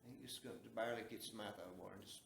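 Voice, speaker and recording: Talking rapid-fire with a lowish, slightly bright voice, fairly level intonation and some vocal fry, a man from the American South tells a long, easygoing tale in a drawl, acting out what others said. A faint hiss or hum sits under the echoey room sound.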